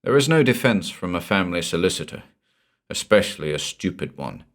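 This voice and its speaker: A man with a deep, low-pitched voice reads a horror tale aloud. His storytelling is measured and unhurried, with dramatic pauses between phrases. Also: big pitch swings. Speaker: narrator. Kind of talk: scripted horror audiobook narration.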